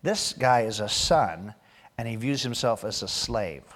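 A man's voice: fairly low pitch, expressive, unhurried, fairly bright tone. A male pastor preaching a sermon in a church, talking conversationally and tossing joking asides to the congregation.

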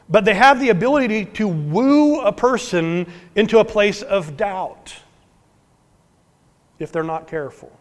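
A man preaching a sermon as pastor, earnest, swinging from emphatic to hushed. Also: sits high. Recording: long hall reverb.

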